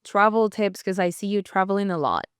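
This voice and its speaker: A woman's voice: mid-range voice, expressive, fairly quick, clear, resonant tone, no room sound, studio quality. A young woman from Colombia with a Colombian accent, hosting a podcast interview in a bubbly, encouraging way and laughing often. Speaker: podcast host. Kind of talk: casual interview chat.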